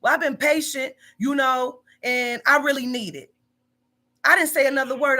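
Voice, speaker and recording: A woman's voice: high voice, steady tone, normal speed, sharp tone. A woman in her forties, a business owner, scolding bluntly and profanely in a heated phone argument. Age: 40s.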